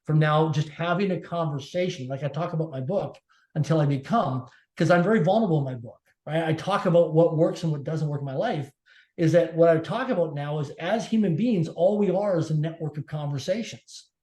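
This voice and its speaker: A man's voice: fairly high pitch, fairly quick, darkish tone. A man telling a personal story as a podcast guest, emphatic and repeating his key phrases. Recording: echoey room.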